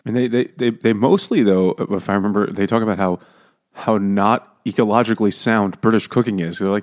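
A man's voice: on the low side, brisk. A man co-hosting a casual book discussion, rambling, swearing and laughing.

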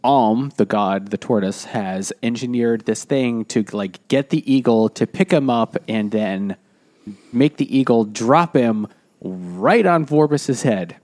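Speaking slowly in a mid-range voice with a darkish tone, a man co-hosting a relaxed book club podcast walks through a story's plot. The retelling wanders, crowded with fillers and restarts.

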